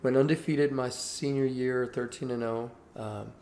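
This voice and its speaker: Earnest older man with gravelly voice. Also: medium pitch, normal speed. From Cuba. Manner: earnest, animated anecdote telling. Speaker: guest. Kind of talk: interview storytelling. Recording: roomy echo with faint background hiss.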